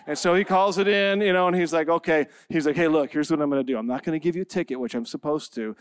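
High-voiced, smooth-toned man preaching. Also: fast, dry recording, clean studio sound. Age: 40s. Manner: humorous, self-deprecating storytelling, laughing often. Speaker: pastor. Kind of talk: sermon with a storytelling opener.

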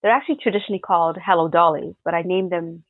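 Young woman pastry chef chatting, animated and laughy, tinny phone sound. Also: fairly low pitch, rapid-fire, no echo. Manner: animated storytelling, laughs often. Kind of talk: casual interview answers.

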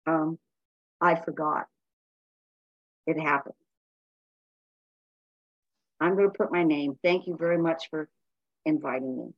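A woman's voice: deep voice, takes it slowly, long pauses, no room sound, muffled recording. A woman giving a blunt, emphatic personal share as a speaker at a recovery meeting.

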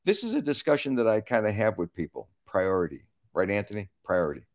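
A middle-aged man, a comedian, chatting on a podcast in an animated, emphatic and profane way. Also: on the low side, quick pace. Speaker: comedian guest. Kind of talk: casual podcast chat.

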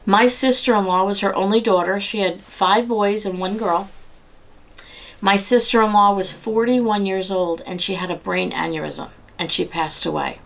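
A middle-aged woman giving a personal devotional talk, earnest and conversational, slowing down and softening when she repeats scripture. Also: medium pitch, fairly even intonation, creaky. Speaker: devotional speaker.

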